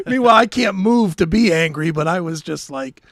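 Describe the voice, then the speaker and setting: A man co-hosting a podcast, telling a story in casual chat, animated and swearing freely. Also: high voice, normal speed, no room sound. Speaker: podcast co-host.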